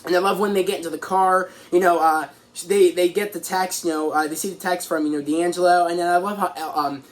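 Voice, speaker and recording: A man excitedly recapping a TV episode as a reviewer, rambling and restarting as he goes. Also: high-pitched, brisk. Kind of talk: casual recap.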